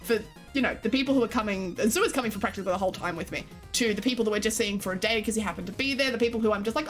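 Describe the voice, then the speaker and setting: A woman's voice: medium pitch, rapid-fire, faint music behind. A young Australian woman streaming, chatting loosely with her chat, swearing freely and laughing often. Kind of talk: casual chat with live chat.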